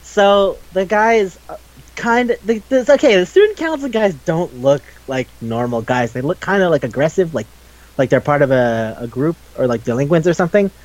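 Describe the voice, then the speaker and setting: This young adult male podcast host has a voice on the high side, animated and moderately paced, captured with poor audio. He chats casually and with energy, laughing frequently and swearing freely.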